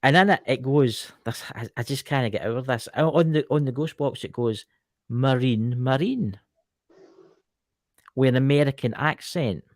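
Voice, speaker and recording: A man's voice: medium pitch, a little fast, few pauses, no echo, studio quality. A man with a Scottish accent, a podcast guest telling a story in a chatty way, with many asides. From Scotland. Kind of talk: casual podcast chat.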